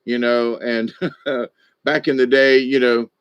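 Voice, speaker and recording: An older man and former stage director telling rambling, animated stories in a casual monologue, often trailing off and restarting. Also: medium pitch, slow pace, clean tone, dry recording. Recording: dull, dry lo-fi audio.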